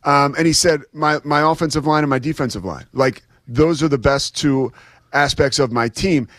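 A man's voice: fairly high pitch, moderate pace, fairly bright tone, dry recording, studio quality. Chatty enthusiastic male sports commentator. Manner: enthusiastic, chatty, easy laughs. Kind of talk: casual sports talk.

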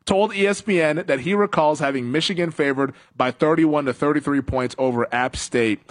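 A man's voice: on the high side, moderate pace. A man hosting a sports talk show, chatting casually, laughing often and acting out quotes. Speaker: sports radio host.

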